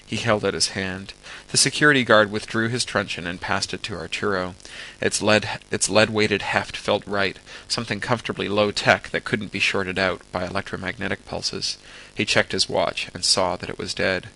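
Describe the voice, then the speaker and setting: A man reading a story aloud as an amateur audiobook, steady with occasional stumbles. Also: low-pitched, moderate pace, vocal fry, rough recording. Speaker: narrator.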